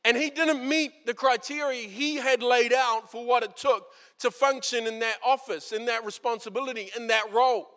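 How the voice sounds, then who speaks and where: A man's voice: very high-pitched, steady tone, normal speed, hardly any pauses, fairly bright tone. A man preaching a sermon in a church, talking in an earnest, conversational way and acting out quoted lines. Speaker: pastor. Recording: long reverb of a large hall.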